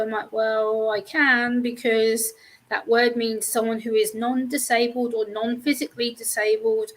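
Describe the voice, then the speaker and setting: A woman's voice: a little high, flat delivery, a little slow, low-quality recording. A woman guest on a casual live-stream chat, speaking candidly and frankly with easy laughs.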